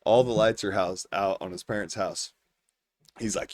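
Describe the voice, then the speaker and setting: A man's voice: mid-range voice, moderate pace. A man around forty, a podcast host, telling a long story casually with a lot of swearing and frequent laughter. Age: 40s. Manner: profane, animated storyteller who laughs through his anecdotes.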